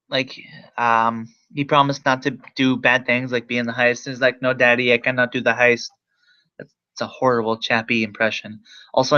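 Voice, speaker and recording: A man's voice: mid-range voice, bright, forceful tone. A young man casually reviewing a movie, rambling with lots of fillers and swearing. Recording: slightly dull lo-fi mic.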